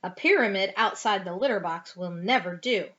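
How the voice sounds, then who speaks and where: A woman's voice: mid-range voice, moderate pace, pushed and bright, lightly acted. A woman voicing a fussy mother cat who scolds her kitten, reading a picture book aloud. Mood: scolding. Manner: scolding, emphatic. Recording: dull lo-fi home recording.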